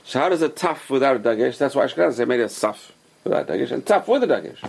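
A man's voice: medium pitch, expressive, rapid-fire, vocal fry, a little mellow, husky. A man, a rabbi, teaching a class and explaining patiently with many examples and questions.

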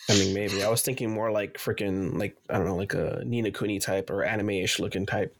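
A man's voice: lowish voice, fairly even intonation, fairly quick. A man co-hosting a casual gaming podcast, rambling loosely and swearing freely. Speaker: podcast co-host.

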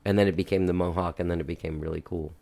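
A man's voice: sits low, fairly even intonation, rapid-fire, gravelly, dark tone. A man hosting a radio show, chatting casually with guests, rambling and laughing easily. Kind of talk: casual interview chat.

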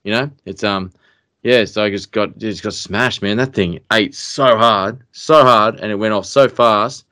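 Low-voiced Australian man telling a story. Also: unhurried. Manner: excitable, animated, often trails off in fillers. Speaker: podcast guest. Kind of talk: casual storytelling.

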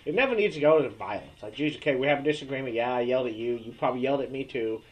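A man's voice: mid-range voice, lively intonation, rapid-fire, rough recording. A man co-hosting a podcast in casual chat, rambling and repeating himself. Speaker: podcast co-host.

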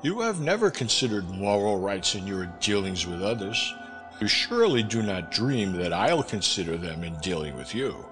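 A man voicing an educated gentleman castaway who speaks sternly and defiantly, in a storybook reading. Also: on the low side, very animated, normal speed. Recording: reverberant with music underneath.

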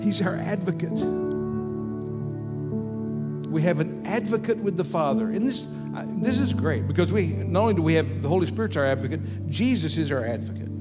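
A man's voice: on the high side, lively intonation, normal speed. A man preaching a sermon in a conversational way, repeating his key phrases for emphasis. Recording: long hall reverb with faint music.

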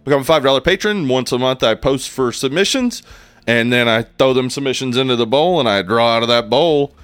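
A man's voice: medium pitch, a little fast, clear, resonant tone, no room sound. A man co-hosting a podcast, chatting casually with many fillers and the odd swear. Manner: relaxed, profane, rambling. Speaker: podcast co-host. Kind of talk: casual chat.

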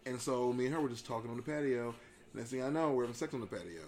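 Fast-talking man telling a dating story. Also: medium pitch. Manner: rambling, animated retelling with many fillers. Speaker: storyteller in casual chat. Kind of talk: casual chat.

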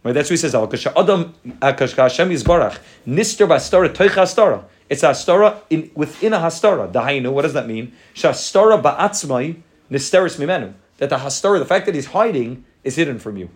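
A man giving a Torah class, reading Hebrew lines from a Hasidic text and quickly explaining them in English, often repeating words as he goes. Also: a little high, animated. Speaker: Torah teacher.

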